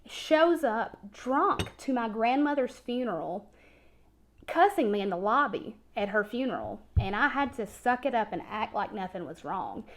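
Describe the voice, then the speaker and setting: A woman telling a personal story as a podcast guest, often halting and repeating words as she goes. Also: a little high, big pitch swings.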